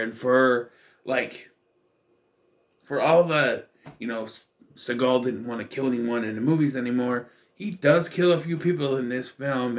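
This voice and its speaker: Male film vlogger, mid-pitched, casual and rambling, dry sarcastic asides. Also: a bit bright. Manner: rambling, with many fillers and restarts; wry, sarcastic. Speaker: movie reviewer. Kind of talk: casual spoken film review.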